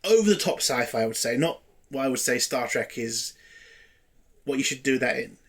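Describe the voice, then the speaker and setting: A man's voice: medium pitch, animated, normal speed, gravelly, husky. A man giving a casual spoken review of a TV episode, blunt and exasperated, swearing freely.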